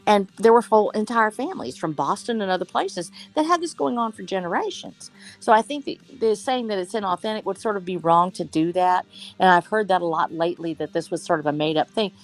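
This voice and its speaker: A woman's voice: mid-range voice, lively intonation, brisk, soft background music. A woman from Texas chatting enthusiastically in a writers' discussion and thinking aloud as she talks. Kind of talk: casual chat.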